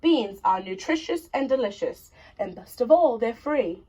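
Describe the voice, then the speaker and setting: A woman's voice: a little high, animated, a little slow, darkish tone, husky, muffled recording. Woman playing a scolding giant housewife. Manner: scolding, emphatic.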